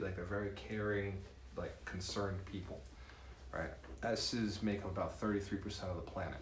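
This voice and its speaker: Animated man teaching a room. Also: on the low side, a little fast, reverberant, slight background noise. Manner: lively, laughing, often tags with "right?". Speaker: real estate mentor. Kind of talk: live seminar teaching. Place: room with a live audience.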